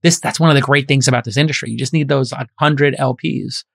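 A man's voice: medium pitch, steady tone, fairly quick, vocal fry, fairly bright tone, dry recording, clean studio sound. A man in his fifties, an investor hosting a podcast, talking in a casual, emphatic and preachy way. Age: 50s. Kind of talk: casual chat.

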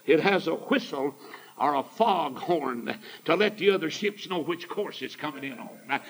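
A man's voice: fairly high pitch, lively intonation, normal speed, low-quality recording. A man preaching a sermon in a folksy, fervent storytelling manner.

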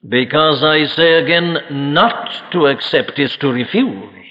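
A man's voice: on the high side, slow. A man preaching a solemn, emphatic sermon to a congregation, asking rhetorical questions. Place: church congregation. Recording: lo-fi archive recording with long hall reverb.

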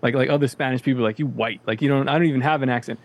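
Fast-talking New York man on a call. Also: medium pitch, steady tone. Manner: fast, rambling, joking. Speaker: guest. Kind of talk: casual chat.

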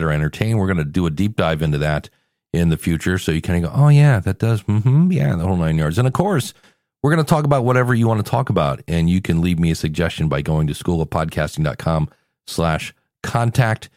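A man's voice: low voice, fairly quick, no room sound, clean studio sound. A male podcast host talking casually on his show, tired and sick with a cold, rambling and joking at himself. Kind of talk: casual solo podcast talk.

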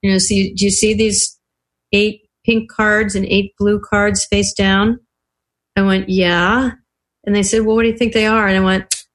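Lively older woman telling stories. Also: medium pitch, normal speed. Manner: lively storyteller, acts out quoted voices, laughs often. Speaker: podcast guest. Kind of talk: casual storytelling interview.

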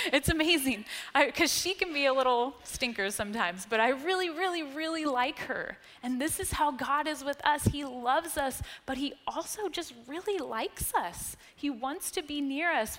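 An American woman in her thirties giving a sermon, telling personal stories in a chatty way, laughing often and dropping to a hush on key points. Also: a little high. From United States. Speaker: church speaker. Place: church sanctuary. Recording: long church-hall reverb.

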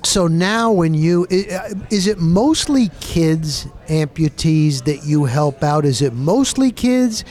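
A man's voice: a little high, lively intonation, takes it slowly, hardly any pauses, a little mellow. A man hosting an interview, mostly giving short encouraging replies. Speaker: interviewer, host. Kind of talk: casual interview.

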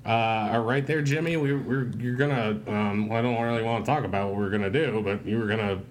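A man's voice: lowish voice, fairly quick, slight background noise. Rambly teasing guy co-hosting a comedy podcast. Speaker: podcast co-host.

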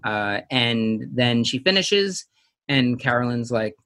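A man's voice: mid-range voice, animated, takes it slowly, bright, forceful tone. A man co-hosting a casual podcast chat, rambling through his thoughts, laughing often and acting out quotes. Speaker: podcast co-host. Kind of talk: casual chat recapping a TV episode.

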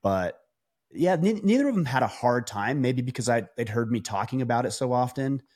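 A man, a podcast guest, telling stories in a casual conversational way, animated, with frequent restarts and fillers. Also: mid-range voice, brisk.

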